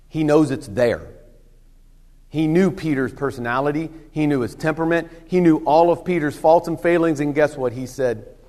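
Man preaching in a reverberant hall. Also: a little high. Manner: conversational, acts out short dialogues with soft hushed lines. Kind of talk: sermon.

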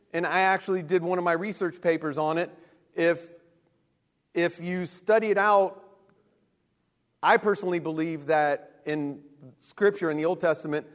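A man in his thirties preaching a sermon in an animated way, acting out quick voices for God and people. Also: sits high. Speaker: pastor. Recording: long reverb of a hall.

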